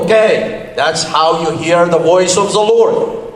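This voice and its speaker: A man's voice: on the high side, slow pace. Male Bible teacher, slightly raised voice, repeats phrases and quizzes the room, long hall reverb. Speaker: Bible study leader. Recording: echoey hall.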